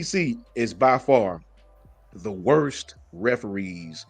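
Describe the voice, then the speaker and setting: A man hosting a casual sports talk stream, greeting viewers in slang and talking in animated bursts. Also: medium pitch, normal speed, dry recording, soft background music. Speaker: sports talk show host.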